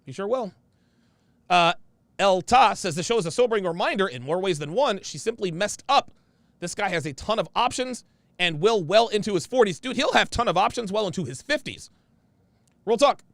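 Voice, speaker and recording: A man's voice: high-pitched, vocal fry, fairly bright tone, no echo. A man hosting a casual livestream, reading viewer comments aloud and reacting in a blunt, slangy way, often saying the same phrase twice.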